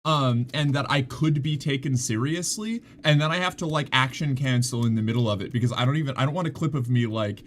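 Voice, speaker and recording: A man's voice: medium pitch, a little fast, few pauses, a little hiss or hum. A man casually chatting on a live stream, rambling with many restarts and laughing at his own jokes. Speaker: streamer reading chat.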